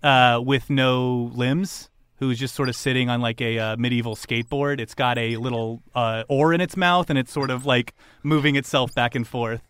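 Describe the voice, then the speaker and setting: A man's voice: mid-range voice, steady tone, moderate pace, hardly any pauses, fairly bright tone, clean tone, no room sound. A man running a tabletop game as game master, narrating in a casual, joking way with lots of fillers.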